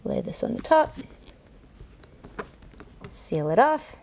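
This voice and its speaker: A woman's voice: sits high, big pitch swings, slow, a little mellow, a little hiss or hum. A woman who entertains at children's events, walking viewers through a duct tape craft step by step. She talks while she works and keeps an upbeat, encouraging tone. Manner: chatty, narrates each step aloud while working with her hands.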